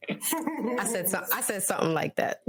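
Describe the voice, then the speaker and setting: A woman hosting a casual podcast panel chat, telling stories in a lively way with laughter. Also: medium pitch, moderate pace, crowd noise. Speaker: podcast host.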